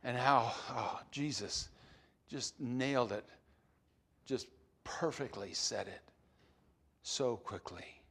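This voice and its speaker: Slow, emphatic male preacher. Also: husky. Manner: deliberate, emphatic preaching that swings between loud stresses and soft, low phrases. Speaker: pastor. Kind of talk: sermon. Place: church service.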